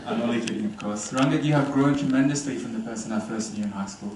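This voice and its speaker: A man's voice: medium pitch, fast. A young man giving a humorous, teasing wedding speech about the couple. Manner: playful, teasing storytelling. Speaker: wedding ceremony speaker. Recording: echoey distant venue sound with ambient noise.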